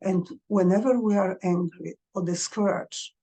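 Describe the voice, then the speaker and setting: A woman coaching parents in a gentle, earnest advice talk, speaking English as a second language. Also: medium pitch, steady tone, moderate pace.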